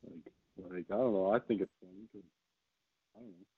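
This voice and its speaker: A man's voice: sits low, fairly even intonation, a little fast. A man co-hosting a podcast, chatting in a laid-back way and agreeing with his friend. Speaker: podcast co-host. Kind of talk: casual podcast chat. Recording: tinny phone-like line.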